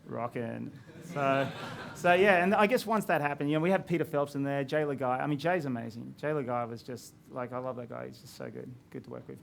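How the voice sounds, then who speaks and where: A man's voice: mid-range voice, animated, brisk, gravelly. A man, a filmmaker telling stories about his film in a casual chat at a screening. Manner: chatty storytelling with laughs.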